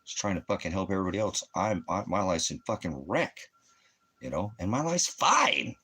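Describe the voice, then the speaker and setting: Deep-voiced man, 50s, American, profane rambling rant. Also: very animated, fairly quick, bright, forceful tone, slightly rough. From United States. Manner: profane, ranting, loose and rambling. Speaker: channel host. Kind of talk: casual rambling monologue. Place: at home.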